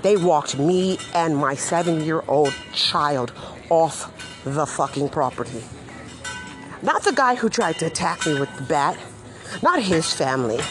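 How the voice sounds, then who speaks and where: A woman's voice: deep voice, expressive, unhurried, music in the background. An indignant mother ranting angrily and profanely about how an agency has treated her. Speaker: mother venting about social services. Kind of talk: angry monologue rant.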